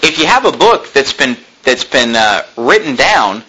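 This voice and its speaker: A man's voice: mid-range voice, very animated, a little slow, bright, forceful tone, a little hiss or hum, rough recording. A man preaching a sermon as pastor, building to emphatic rising peaks and voicing his listeners' objections.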